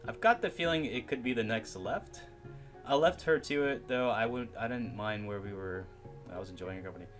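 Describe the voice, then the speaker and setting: A man reading a visual novel game aloud, with giggly, excitable asides and frequent laughter. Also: mid-range voice, a little fast, soft background music.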